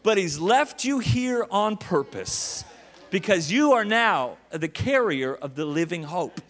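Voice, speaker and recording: Fired-up preacher in an echoing church. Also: male voice, sits high, takes it slowly. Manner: energetic, joking preaching with rising exclamations. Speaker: guest preacher. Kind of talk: sermon. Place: large church auditorium. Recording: long hall reverb with faint music.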